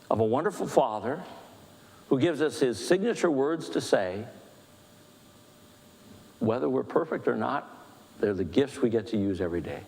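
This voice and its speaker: A man leading a church book discussion, talking fast with animated, self-deprecating humor. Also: mid-range voice, long reverb tail. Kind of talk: church teaching talk. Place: church hall.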